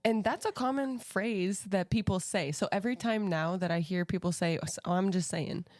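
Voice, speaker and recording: A young adult woman co-hosting a podcast, telling stories in an unhurried, giggly way during casual chat with friends. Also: medium pitch, a little mellow, no room sound, studio quality. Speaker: podcast co-host.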